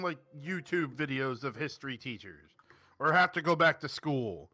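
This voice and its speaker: A man's voice: medium pitch, animated, normal speed, bright, forceful tone, no echo. A man joking and bantering casually with friends in a voice chat, laughing often and trailing off mid-sentence.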